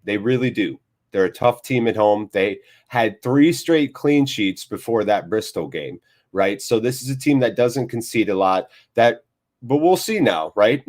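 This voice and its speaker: A man's voice: medium pitch, darkish tone. Upbeat male stream host, casual jokey chat with viewers, mid-range voice. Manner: upbeat, jokey, chatty, reads out viewer comments. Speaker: host of a live football watchalong.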